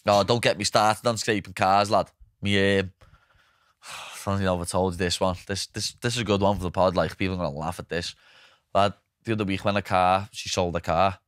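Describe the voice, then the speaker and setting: Lively young Liverpool man telling stories. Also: low voice, brisk, no room sound, studio quality. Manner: animated anecdotes, swears freely, acts out quotes. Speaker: podcast host. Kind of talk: casual storytelling chat.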